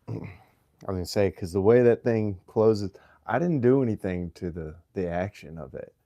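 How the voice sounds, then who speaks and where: A very low-pitched man with a mild Virginian Southern accent talks casually to his livestream viewers. He speaks in a relaxed, halting way, restarting sentences and clearing his throat often. The sound is dry and close, with no room echo. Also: highs cut off. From Virginia, USA. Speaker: livestream host.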